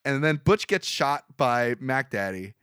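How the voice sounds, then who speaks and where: Male podcast host, casual recap, laughs a lot, very animated pitch, dry close sound. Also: a little slow, smooth, no room sound. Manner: laughs often, animated retelling with put-on quotes. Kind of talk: casual movie recap chat.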